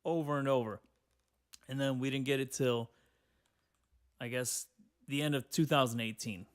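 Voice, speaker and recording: A man's voice: mid-range voice, fairly even intonation, moderate pace, clear, resonant tone. A young man hosting a casual solo podcast, reading headlines aloud and answering them with profane, rambling, sarcastic comments. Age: young adult. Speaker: podcast host.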